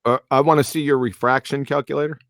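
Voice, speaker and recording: A man's voice: mid-range voice, steady tone, quick pace, fairly bright tone, no echo. A man hosting a live stream who debates bluntly, quizzing his caller with sarcasm. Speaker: stream host. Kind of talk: casual debate.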